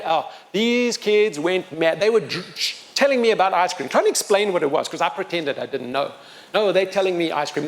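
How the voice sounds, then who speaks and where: A middle-aged man, telling a personal story to a live audience and acting out the dialogue with emotion. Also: high-pitched. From South Africa. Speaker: children's author and speaker.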